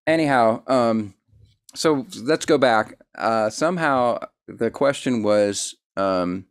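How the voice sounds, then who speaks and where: A man's voice: medium pitch, takes it slowly, smooth. A man hosting a casual interview, rambling and self-deprecating, full of fillers and restarts. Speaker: host.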